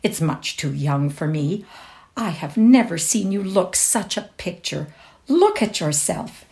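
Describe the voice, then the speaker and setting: A woman's voice: on the low side, sing-song, a little slow, creaky, darkish tone, full character voice. A woman reading the lines of a poised, amused society mother in a short story, drawn out and indulgent. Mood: coaxing.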